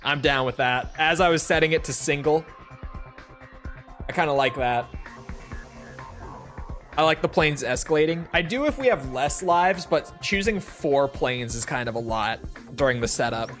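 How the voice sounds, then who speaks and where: A man's voice: on the high side, normal speed, long pauses, soft background music. Laid-back young man streaming a game. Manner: relaxed, rambling, frequent "like" fillers, occasional swearing. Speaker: gaming streamer. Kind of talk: casual gameplay commentary to a live chat.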